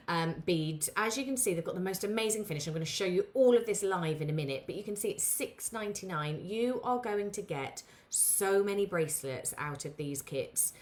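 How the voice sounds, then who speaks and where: Chatty woman hosting a craft lesson. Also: mid-range voice. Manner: chatty, greets viewers by name, many fillers. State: out of breath. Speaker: craft tutorial host.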